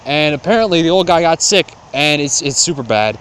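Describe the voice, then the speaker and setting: A man's voice: fairly high pitch, animated, brisk, fairly bright tone, slight background noise. A young man retelling a classic tale in casual, profane slang, rambling with lots of fillers.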